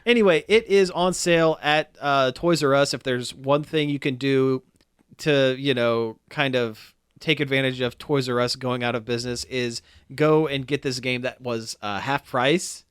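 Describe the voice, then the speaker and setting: A man's voice: medium pitch, normal speed, a bit bright, smooth, no echo, studio quality. A young adult man co-hosting a casual podcast chat, easygoing and agreeable as he steers the talk. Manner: easygoing, agreeable, leads the segments. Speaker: podcast co-host.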